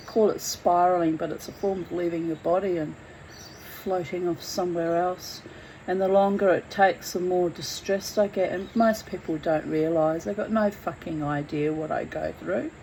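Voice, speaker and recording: A woman recounts her own experience in a candid, blunt way, swearing without hesitation. Her voice is mellow and soft-edged, with a faint hiss behind it. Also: mid-range voice, low-quality recording. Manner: blunt, animated, swears freely. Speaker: author reading and telling her own story. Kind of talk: candid first-person storytelling.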